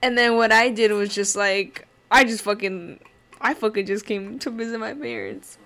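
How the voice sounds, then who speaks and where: A woman's voice: medium pitch, normal speed, a bit bright. A woman chatting casually as a podcast guest, telling a story with lots of fillers and swearing. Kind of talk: casual chat.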